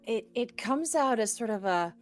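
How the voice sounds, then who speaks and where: A woman in her thirties narrating a tabletop game as game master, with hushed description and chanted creature sounds. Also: fairly high pitch.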